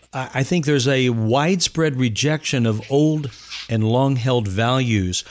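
A man hosts a conversational interview. He asks his questions in a measured, reflective way, pausing to think as he goes. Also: medium pitch, a little hiss or hum. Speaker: interview host.

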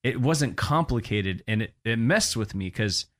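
Low voiced guy, evangelist guest, easygoing chat with little laughs. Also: unhurried. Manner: relaxed, chuckles while talking. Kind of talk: casual conversation.

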